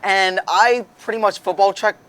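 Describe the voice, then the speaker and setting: A man's voice: high-pitched, fairly even intonation, fairly bright tone. A young man chatting as a guest among friends, joking and poking fun at himself as he tells a story. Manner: fast, joking, self-deprecating. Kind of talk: casual chat among friends.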